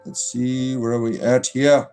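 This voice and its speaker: A man's voice: mid-range voice, little pitch movement, a little slow, dark tone, clean tone, soft background music. A man hosting a casual livestream as a druid bard, joking with chat and giving blessings. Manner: joking, reacts to chat messages, blesses viewers. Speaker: livestream host reading chat.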